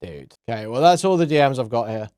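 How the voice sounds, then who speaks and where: A man's voice: medium pitch, big pitch swings, fast talker, darkish tone, no echo, clean studio sound. A man doing drama commentary, reading messages aloud with sarcastic, profane asides. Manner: sarcastic, profane asides between read-outs. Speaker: commentary YouTuber.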